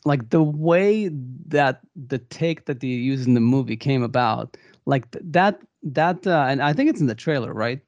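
A man co-hosting a movie podcast, telling a behind-the-scenes story in a rambling, animated way with many restarts. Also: mid-range voice, moderate pace, no room sound, muffled recording. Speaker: podcast co-host. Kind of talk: casual movie discussion.

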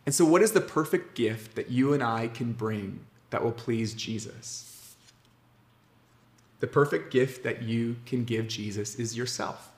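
A man in his thirties preaching a sermon as pastor, earnest and warm, slowing down with emphatic pauses on key words. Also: mid-range voice. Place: church sanctuary. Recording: echoey room.

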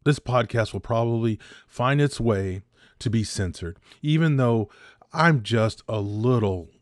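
A man's voice: mid-range voice, measured pace, dry recording, studio quality. A man in his fifties hosting a podcast, delivering a heated opinion monologue that repeats points for emphasis. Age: 50s. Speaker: podcast host.

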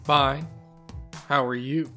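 Deadpan, teasing young man. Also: mid-range voice, slow, soft background music. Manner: deadpan teasing, animated when telling a story. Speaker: podcast co-host. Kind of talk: casual chat, storytelling.

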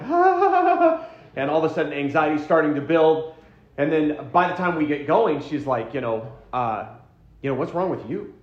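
A man teaching a church marriage class in a casual, conversational way. He restarts his words often and puts questions to the group. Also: mid-range voice. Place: room with a group. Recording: roomy, dull lo-fi sound.

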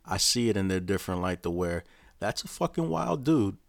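A man's voice: deep voice, sing-song, a little fast, gravelly, no echo, studio quality. A man ranting casually in a rambling, profane way, often restarting his sentences. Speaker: vlogger. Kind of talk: casual rant to camera.

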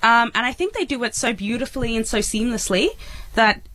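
A woman's voice: fairly high pitch, expressive, fairly quick, fairly bright tone. A woman co-presenting a casual radio show from a festival studio, enthusiastic and full of fillers.

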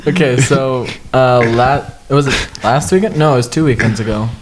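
A man's voice: mid-range voice, moderate pace, background noise. A young man co-hosting a casual podcast, mostly chiming in with short, laid-back reactions. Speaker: podcast co-host.

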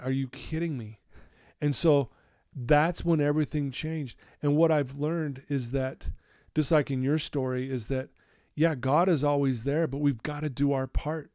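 A middle-aged man, a podcast guest telling his story in an animated way and acting out his own quoted lines. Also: fairly high pitch, dry recording, studio quality. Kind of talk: storytelling in a conversational interview.

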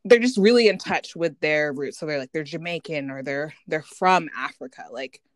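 Speaking at a normal speed in a low-pitched voice with no echo, a woman in her thirties co-hosts a podcast and chats casually. She grew up in Canada and tells stories animatedly, putting on voices for quoted lines and laughing frequently.

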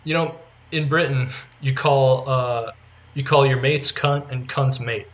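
A man's voice: mid-range voice, fairly even intonation, measured pace. A male podcast co-host in casual chat, rambling as he eagerly explains, filling his talk with "like". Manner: rambling, heavy use of filler "like", eager explaining.

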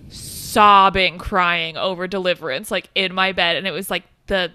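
A woman co-hosting a podcast, chatting casually about a film in an animated way, swearing now and then and laughing often. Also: fairly low pitch, normal speed, clean tone. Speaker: podcast co-host.

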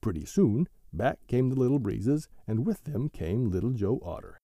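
A man hosting a book podcast and narrating a children's story in a gentle, animated way. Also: mid-range voice, moderate pace, dry recording, clean studio sound.

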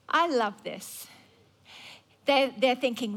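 A woman's voice: fairly high pitch, takes it slowly, pauses often. A woman preacher telling a Bible story in a sermon, conversational and wry.

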